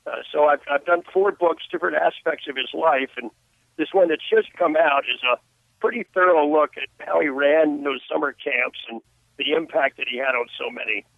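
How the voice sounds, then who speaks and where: A man's voice: a little high, moderate pace, gravelly, no echo. An older man, an author and guest on a phone interview, telling stories in a reflective way with many restarts. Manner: reflective storyteller with frequent restarts. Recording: tinny phone line.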